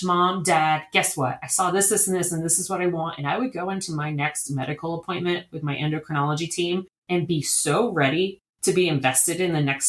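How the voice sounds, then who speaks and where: A woman who directs a diabetes camp appears as a guest in a conversational interview, telling stories eagerly and talkatively. Her voice is fairly low in pitch and a bit bright. The room sounds echoey.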